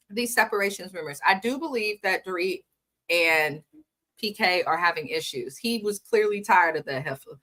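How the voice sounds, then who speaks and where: A woman's voice: on the low side, expressive, moderate pace, sharp tone. A woman co-hosting a casual gossip show about reality TV, sassy and emphatic in her delivery. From California. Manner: sassy, dramatic mock prayer, emphatic. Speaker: co-host.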